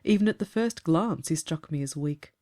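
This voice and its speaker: A woman reads a calm gentleman recounting a strange encounter, measured and earnest. He speaks with a lowish voice and a faintly wounded sincerity, as in a storybook reading. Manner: measured, earnest, slightly aggrieved. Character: calm grown man telling a ghost story.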